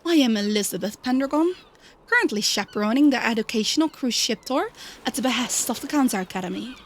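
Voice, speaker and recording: A woman voicing a haughty, refined noblewoman chaperone, lowering her voice a bit and speaking in a lofty, formal way. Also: lively intonation, fast talker.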